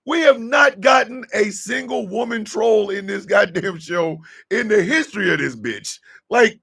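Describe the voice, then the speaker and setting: Man, live stream host, gravelly voice, husky tone, mock-indignant scolding, high and swooping. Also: lively intonation, measured pace, a bit bright. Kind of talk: casual live stream rant.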